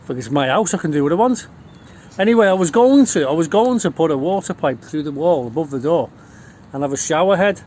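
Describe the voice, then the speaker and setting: A man's voice: a little high, lively intonation, brisk, a little mellow, slight background noise. A middle-aged man with a Liverpool accent telling rowdy, boastful stories in casual talk, swearing constantly. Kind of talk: casual storytelling.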